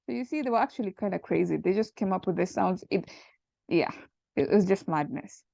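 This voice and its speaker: A woman teacher telling a playful, jokey story to explain a lesson, in a conspiratorial, animated way. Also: mid-range voice, brisk, gravelly, no room sound. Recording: dull dry lo-fi recording.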